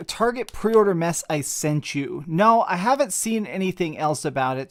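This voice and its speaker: Self-mocking man reading stream super chats. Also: on the high side. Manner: joking, self-mocking, rambling. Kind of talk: casual live stream chat. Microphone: desk mic with face cam.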